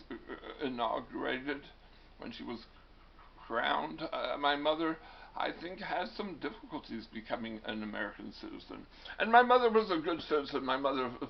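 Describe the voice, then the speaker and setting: A man's voice: medium pitch, vocal fry, lo-fi sound. A male teacher giving a classroom lecture in a wry, digressive way, often stumbling and restarting words.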